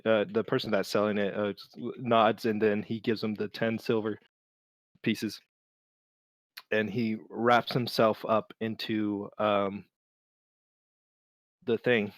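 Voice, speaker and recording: A man running a tabletop game as game master, narrating with many pauses and restarts. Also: lowish voice, little pitch movement, no room sound. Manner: halting, many fillers and restarts.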